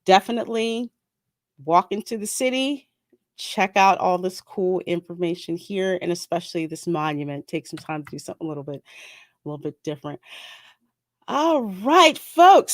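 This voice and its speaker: A woman's voice: fairly low pitch, animated, moderate pace, no room sound. A woman hosting a casual livestream, chatting and reading out viewer comments. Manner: chatty, reads out viewer comments, bursts of laughter. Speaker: livestream host.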